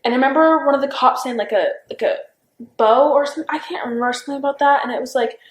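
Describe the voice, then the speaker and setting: A young woman with a slightly high voice speaks haltingly, circling back with "like" and restarting sentences as she tries to remember. It was recorded in a roomy, echoey interview room. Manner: halting, full of "like" and restarts, unsure. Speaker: interviewee recounting events.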